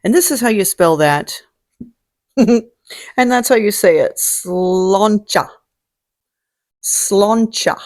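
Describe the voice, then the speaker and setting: A woman's voice: mid-range voice, lively intonation, a little slow, long pauses, darkish tone. A woman hosting a casual vlog, talking in a jokey, salty way and swearing freely. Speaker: host. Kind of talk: casual chat.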